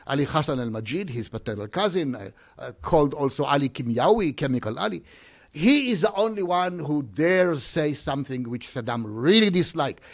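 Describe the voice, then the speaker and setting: A man giving an academic conference talk, halting often with hesitations and restarts. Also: fairly high pitch, lively intonation. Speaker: conference speaker.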